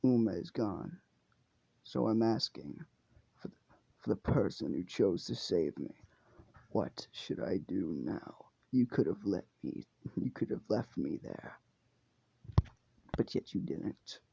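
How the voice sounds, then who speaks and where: Brief: a man putting on a grieving young man, strained cracking voice, low and grim, half-whispered, dark gravelly tone, dull lo-fi sound. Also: expressive, slow pace, long pauses, no echo, full character voice. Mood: bitter. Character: bitter grieving young man, hoarse held-back voice. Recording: dull lo-fi recording.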